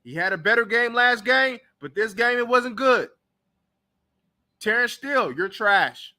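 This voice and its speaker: A man's voice: extremely high pitch, animated, a little slow, sharp tone. A young man hosting a sports talk show, ranting casually and bluntly about his team and trash-talking its players. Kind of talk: casual sports reaction rant.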